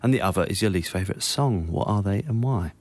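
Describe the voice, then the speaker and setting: A man hosts a relaxed interview, affable and quick to agree, laughing along with his guest. His voice sits low. The sound is dry and close to the mic. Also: dry recording. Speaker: podcast host. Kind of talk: casual interview chat.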